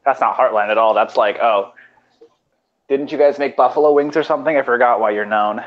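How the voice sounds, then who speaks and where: A man's voice: mid-range voice, brisk. A young man from California chatting casually and crudely, talking in loose rambling sentences with frequent restarts. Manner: laid-back, rambling, stammering restarts. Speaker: podcast co-host. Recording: lo-fi voice call with faint noise.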